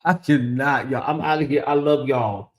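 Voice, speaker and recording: Reading out viewer comments and calling his audience "y'all," this livestream host chats in a relaxed drawl during a casual late-night stream. He talks at a normal speed, with a voice of medium pitch.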